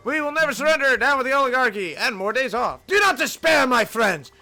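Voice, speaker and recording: A streamer putting on a fiery union organizer with a broad Scottish accent, rallying the workers. He declaims in a rousing, bright, high-pitched voice, with a light music bed under it. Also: lively intonation, a little fast, exaggerated voice. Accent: put-on Scottish.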